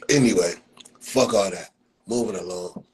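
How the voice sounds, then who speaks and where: A man's voice: low voice, normal speed, darkish tone, slight background noise, low-quality recording. A man hosting a livestream, ranting and roasting people in a profane, mocking way. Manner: profane, mocking, repeats "blood" as a filler. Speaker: livestream host. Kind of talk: casual roast rant on a livestream. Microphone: phone livestream mic.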